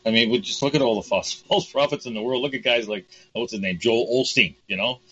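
A man in his sixties hosting a casual interview, relaxed and hesitant, with many fillers. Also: medium pitch, brisk, highs cut off, over music. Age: 60s. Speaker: host.

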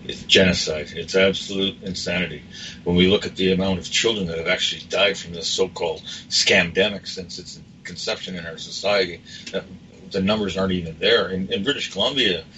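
A man's voice: low voice, fairly even intonation, brisk, bright, forceful tone, distant mic, dull audio, slight background noise. A man hosting a radio talk show, asking pointed questions and making sarcastic asides.

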